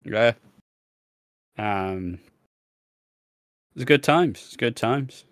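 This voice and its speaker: Brief: young English male co-host, mid pitch, dry close mic, swears a lot, laughs through his stories. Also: animated, extremely slow, clean tone, no room sound. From England. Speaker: podcast co-host. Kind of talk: casual chat.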